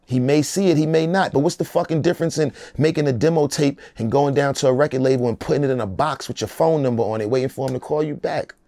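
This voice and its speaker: A man's voice: medium pitch, fast, few pauses, warm tone, dry recording. A middle-aged American man, a rapper in an interview, talking in a loose, emphatic, streetwise way. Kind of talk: casual interview talk.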